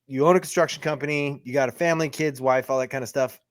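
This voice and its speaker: A man's voice: mid-range voice, fairly even intonation, fast talker, smooth, no room sound, clean studio sound. A man hosting a casual podcast interview, easygoing, laughing along with his guest and peppering his talk with slang. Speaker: podcast host.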